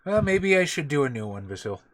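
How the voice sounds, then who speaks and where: A man running a tabletop game as game master, talking in a relaxed, loose and sometimes profane way. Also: on the high side, fairly quick, no room sound. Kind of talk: casual chat running a tabletop session.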